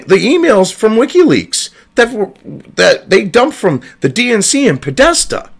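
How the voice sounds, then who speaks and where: A man's voice: high-pitched, huge pitch swings, normal speed, vocal fry, husky. A man delivering angry, profane commentary, hurling heated insults. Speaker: online news commentator.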